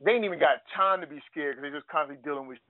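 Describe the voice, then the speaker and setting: A man's voice: fairly high pitch, very fast, no echo. A man co-hosting a podcast, ranting in heated casual chat, profane and repeating himself. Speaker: podcast co-host. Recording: phone-like lo-fi audio.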